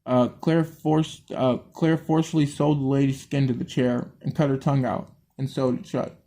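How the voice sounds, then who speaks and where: A man's voice: mid-range voice, level tone, normal speed, mellow. Man stumbling through a horror story reading. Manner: stumbles, restarts and swears at his own misreadings. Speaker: story reader.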